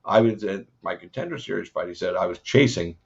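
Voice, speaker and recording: A man's voice: low voice, brisk, vocal fry. A man hosting a casual interview, rambling with many fillers and frequent swearing. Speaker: podcast host. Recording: dull lo-fi audio.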